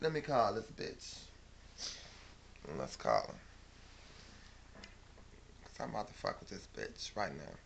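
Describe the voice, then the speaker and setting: A man ranting profanely to his camera at home, swinging between loud shouting and low muttering. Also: huge pitch swings, takes it slowly, gravelly, long pauses, slight background noise. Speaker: vlogger. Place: at home after waking.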